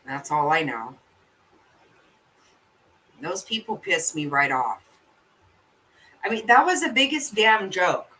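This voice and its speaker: Blunt, bright-voiced woman streamer. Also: on the low side, big pitch swings, takes it slowly, long pauses, recorded from a distance, low-quality recording. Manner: blunt and profane, laughs easily. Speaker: livestream host. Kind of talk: casual chat reacting to viewer comments.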